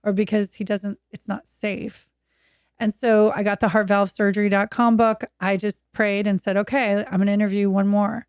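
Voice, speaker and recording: Woman, 50s, from Oregon, podcast guest; animated, candid storyteller, mid pitch, dry sound. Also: normal speed, smooth, dry recording. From Oregon, USA. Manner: animated, acts out quoted voices. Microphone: video call.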